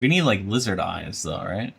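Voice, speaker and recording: A man's voice: low-pitched, big pitch swings, normal speed, creaky, breathy edge. A man chatting casually on a live stream while he draws, rambling with lots of filler and laughter.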